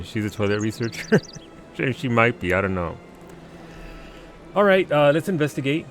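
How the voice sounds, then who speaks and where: A man casually commenting on a game during a live stream. His voice moves a lot in pitch, and he laughs and stammers through his sentences. Soft music plays faintly behind him. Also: normal speed. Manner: animated, laughing, stammering restarts.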